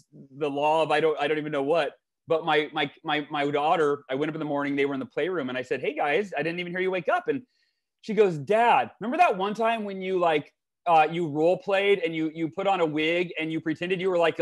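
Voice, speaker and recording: A man in his forties, an author and life coach, telling lively stories in conversation and acting out quoted voices. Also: fairly quick. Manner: energetic, many restarts, acts out quotes with raised pitch. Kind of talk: animated storytelling in conversation.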